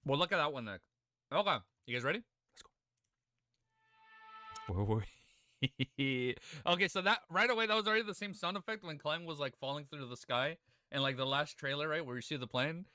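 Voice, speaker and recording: A young man live-streaming his reaction, excitable, swearing and laughing often, teary-eyed. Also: fairly high pitch, brisk, long pauses, no room sound. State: tearful.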